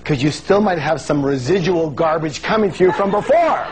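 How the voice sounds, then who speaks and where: A man giving a lively motivational seminar talk, calling on the audience to answer and acting out the voices he quotes. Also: on the high side, brisk, a little hiss or hum, poor audio. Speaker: seminar speaker. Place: large seminar hall with an audience.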